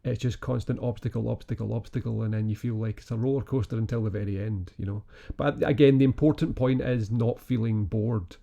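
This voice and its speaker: Male podcast co-host, dark gravelly voice, easygoing chat. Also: lowish voice, fairly quick, hardly any pauses. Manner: relaxed, chuckles often, many fillers. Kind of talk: casual film review chat.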